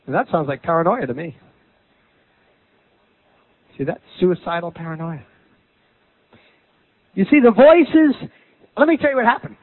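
A man preaching a sermon, dramatic, swinging from loud bursts to low asides. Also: expressive, measured pace, pauses often, no room sound. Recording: tinny phone-like sound.

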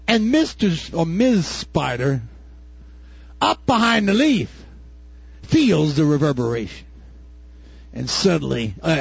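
Husky older man preaching with fervor. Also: on the high side, dry recording. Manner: impassioned, rising to shouts, folksy asides. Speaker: pastor. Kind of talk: sermon. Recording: dull dry recording.

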